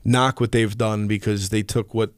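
A man hosting his own podcast in casual chat, rambling and animated, with lots of fillers and the odd curse. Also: fairly low pitch, moderate pace, no room sound, studio quality. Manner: rambling, animated storyteller with frequent fillers and profanity. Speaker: podcast host.

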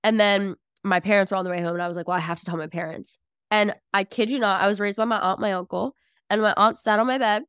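A woman's voice: medium pitch, fairly even intonation, fast talker, fairly bright tone, clean tone, dry recording, clean studio sound. A woman in her twenties, a podcast guest telling a personal story in a chatty, filler-heavy way. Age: 20s. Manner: chatty, filler-heavy, acts out family dialogue. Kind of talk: casual storytelling.

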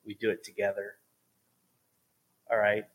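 A man telling lively stories about faith in a casual talk, going soft and low at times for emphasis. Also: unhurried, lo-fi sound. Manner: animated storyteller, drops to a soft voice for emphasis.

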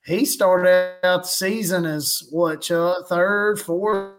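A man's voice: high voice, steady tone, takes it slowly, music in the background. A man, a guest chatting casually about his football team, rambling and chuckling as he tells stories. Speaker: guest fan podcaster. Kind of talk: casual chat.

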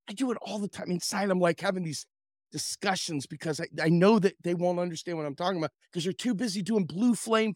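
A man hosting a podcast, ranting about politics in a profane, sarcastic, impassioned way, swinging from loud outbursts to low mutters. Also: dry recording, clean studio sound. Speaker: podcast host. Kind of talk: political commentary rant.

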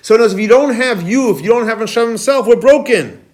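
High-voiced rabbi teaching a class. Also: male voice, fast. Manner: animated, asks the class questions and repeats key phrases. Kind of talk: classroom lecture.

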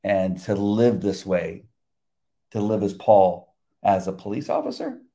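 An older man, a retired police officer, talking about faith in a halting, reflective way with many restarts. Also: lowish voice, fairly even intonation, dark tone. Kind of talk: casual faith conversation.

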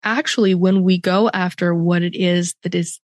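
A woman's voice: fairly low pitch, moderate pace, no echo, studio quality. A middle-aged Canadian woman hosting an interview, talking in a reflective, emphatic way. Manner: reflective, emphatic, animated in places. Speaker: podcast host. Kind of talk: conversational interview.

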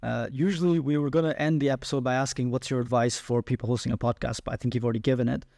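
A man's voice: mid-range voice, fairly even intonation, creaky, a little mellow, dry recording, clean studio sound. Upbeat man hosting a podcast. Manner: upbeat, joking, quick outro. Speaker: podcast host. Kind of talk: casual interview hosting.

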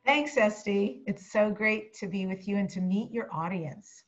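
A woman's voice: mid-range voice, measured pace, faint music behind. Female podcast guest, chatty and reflective, filler-heavy, slightly dull sound. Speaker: interview guest, media coach. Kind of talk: casual interview chat.

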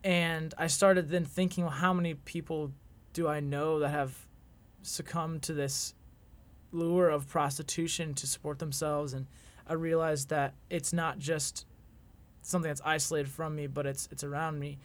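With a flat delivery and a voice on the high side, this twenty-something man recounts something personal as a podcast guest. He's earnest and thoughtful, though his sentences keep halting and restarting.

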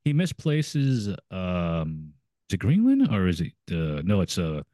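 A man chatting casually on a podcast about a TV episode, explaining and speculating, quick to agree. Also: low-pitched, huge pitch swings, dark tone, no room sound, clean studio sound. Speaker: podcast co-host.

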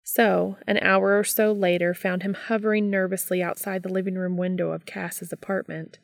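A woman reading a romance story aloud in calm, steady scripted narration. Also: mid-range voice, moderate pace, vocal fry, no room sound. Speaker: fan fiction reader.

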